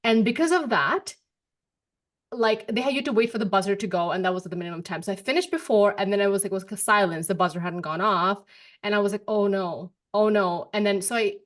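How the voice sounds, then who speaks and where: A young woman hosts a podcast in easy, casual chat. She tells her stories in a lively, expressive way and keeps the pace quick. Her voice sits at an ordinary middle pitch. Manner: animated storyteller, quick and expressive. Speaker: podcast host.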